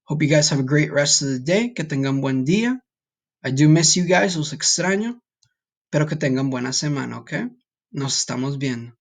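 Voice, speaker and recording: A man's voice: on the high side, expressive, fairly quick, creaky. A man teaching a recorded Spanish vocabulary lesson, patient and encouraging, often checking in with "okay?".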